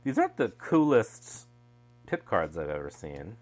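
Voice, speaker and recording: A low-voiced man talking casually over a card unboxing. His pitch swings widely as he tosses off wry asides and restarts sentences. A faint mains hum runs underneath. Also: huge pitch swings, a little slow, darkish tone, faint music behind. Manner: chatty, wry asides, trails off mid-thought. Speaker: tarot deck reviewer.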